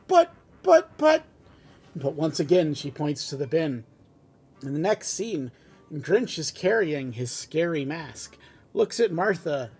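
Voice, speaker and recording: A man reads a script aloud at home in an easygoing, chatty way, dropping in casual remarks between passages. His voice is a touch high yet mellow and dark, with a husky edge, and faint music plays behind him. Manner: relaxed, chatty reading with asides. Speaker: reader of a fan script. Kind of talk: casual read-aloud narration.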